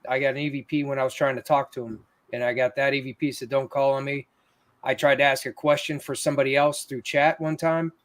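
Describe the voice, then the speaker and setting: A man's voice: mid-range voice, flat delivery, quick pace, a bit bright. A man, a paranormal investigator, earnestly explaining his recordings in casual chat.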